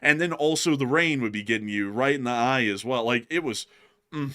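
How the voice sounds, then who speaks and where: A man's voice: medium pitch, brisk, fairly bright tone. A man hosting a live stream in casual, rambling chat, calling the audience "folks" and piling up fillers. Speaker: livestream host.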